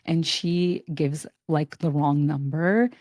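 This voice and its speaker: Deep-voiced young woman retelling a film. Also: slow, no room sound, clean studio sound. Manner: expressive, relating a film plot with filler words. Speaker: podcast co-host. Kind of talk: casual chat.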